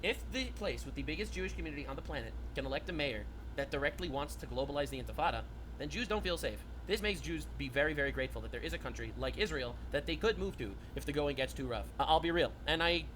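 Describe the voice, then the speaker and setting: A man streaming a reaction to political clips, excitable and loud, with mocking outbursts and frequent laughter. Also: fairly high pitch, fast talker, a little hiss or hum.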